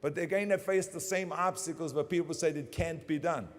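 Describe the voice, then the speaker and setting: Man, 60s, German accent, motivational speech, emphatic, repeats lines for punch, fairly high pitch, long hall echo. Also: steady tone, fairly quick. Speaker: commencement speaker. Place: large ceremony venue.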